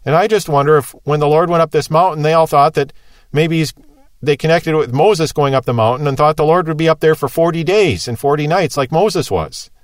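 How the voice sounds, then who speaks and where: Male preacher, sermon, conversational and explanatory, slightly high voice, dry close sound. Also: fairly quick, no room sound. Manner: conversational, explanatory, rhetorical questions.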